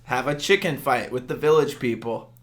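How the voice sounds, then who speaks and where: A man's voice: medium pitch, normal speed, a bit bright. A young man co-hosting a podcast, joking around and posing silly would-you-rather questions. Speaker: podcast co-host. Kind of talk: casual chat.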